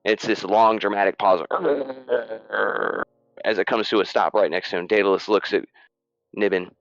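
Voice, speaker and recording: A man's voice: lowish voice, level tone, normal speed, pauses often, dry recording, muffled recording, soft background music. A man narrating as game master of a tabletop game, in a casual, loose style with fillers.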